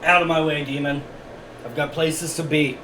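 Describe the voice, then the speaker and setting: A man voicing a gruff, aloof half-dwarf who speaks curtly and dismissively. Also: a little high, flat delivery, normal speed, noisy background, natural voice. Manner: curt and dismissive.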